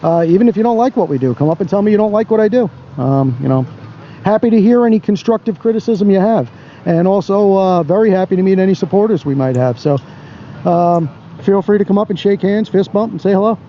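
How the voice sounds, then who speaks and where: A man's voice: high-pitched, lively intonation, a little fast, muffled recording, a little hiss or hum. A man filming in public and narrating as he goes, in a blunt, profane and mocking manner. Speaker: camera-carrying auditor. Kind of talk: narrating while filming outdoors.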